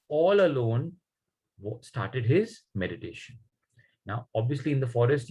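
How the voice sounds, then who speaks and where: A man's voice: mid-range voice, husky, rough recording. A man telling a story to children in a conversational way, often asking them questions.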